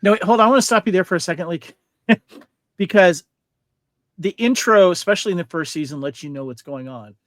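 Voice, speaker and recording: Man co-host, casual podcast chat, fairly high voice, dry close-mic sound, rambling with fillers. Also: a little fast, long pauses, a bit bright, dry recording. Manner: rambling, many fillers and restarts.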